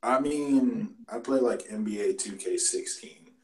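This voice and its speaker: A man's voice: fairly low pitch, a little slow, a little mellow, rough recording. A man co-hosting a wrestling podcast, talking in a laid-back, slangy way with frequent laughs. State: sore after the gym. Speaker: podcast co-host. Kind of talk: casual chat.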